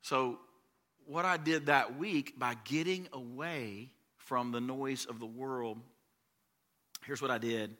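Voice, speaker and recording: A man preaching a sermon as pastor, talking in a conversational way and swelling louder on key phrases. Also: mid-range voice, slow pace.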